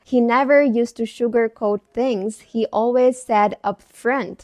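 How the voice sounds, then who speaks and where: A woman's voice: fairly high pitch, darkish tone, dry recording. Young woman vlogger, earnest and reflective, speaking casually to camera in a dry, close voice. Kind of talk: personal storytelling to camera.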